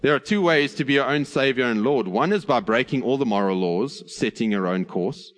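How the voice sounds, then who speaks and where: A man's voice: medium pitch, lively intonation. Man preaching a sermon. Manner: earnest, slows down on key phrases, light humor. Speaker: pastor.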